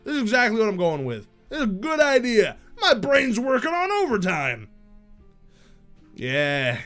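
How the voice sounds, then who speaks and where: A man streaming a strategy game live, reading event text aloud and reacting with jokes and sudden loud shouts. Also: high-pitched, moderate pace, soft background music. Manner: animated, jokey, bursts into loud shouts.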